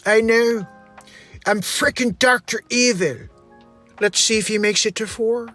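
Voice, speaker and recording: A smug, scheming supervillain with a fairly high voice and big plans, as a man mimics him for laughs. The delivery is pompous and self-satisfied. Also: steady tone, measured pace, pushed and bright, faint music behind. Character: pompous cartoonish male movie supervillain. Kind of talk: comedic impression.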